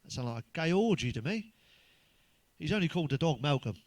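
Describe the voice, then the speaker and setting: An English man with a fairly high speaking voice fires off crude, sweary one-liners as a stand-up comic. The sound is close and dry, with no room around it. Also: big pitch swings, fairly quick, dry recording. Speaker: stand-up comedian. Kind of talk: stand-up joke routine.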